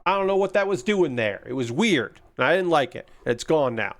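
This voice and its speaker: A man with a brisk, fairly high voice rambles through a casual livestream while building model kits. He mutters to himself, swears casually, and gushes excitably about the kits.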